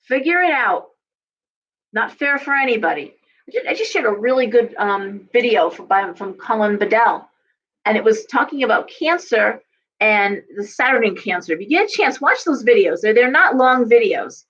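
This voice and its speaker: A woman's voice: a little high, animated, moderate pace, fairly bright tone, muffled recording. A middle-aged woman giving a casual live-stream tarot and astrology reading, talking bluntly to her viewers and swearing freely when fired up.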